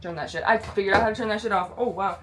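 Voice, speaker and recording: A woman's voice: medium pitch, very fast, fairly bright tone, a little hiss or hum. A woman vlogging in a casual, rambling way, bubbly and self-deprecating, swearing freely and using a lot of slang. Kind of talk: casual chatty vlog.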